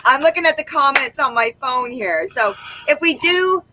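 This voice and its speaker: A woman's voice: high voice, expressive, moderate pace, sharp tone, a little hiss or hum, low-quality recording. A woman co-hosting a casual livestream from her backyard, chatting and reading viewer comments aloud. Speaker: co-host of a livestream. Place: outdoors in a backyard. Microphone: laptop microphone.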